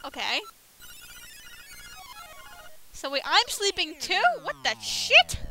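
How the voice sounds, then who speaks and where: Bright-voiced woman gamer, chatty and lively. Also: high voice, normal speed, rough recording. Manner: chatty, swears, talks back to the game. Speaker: let's play gamer. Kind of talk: casual game commentary. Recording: game music playing behind.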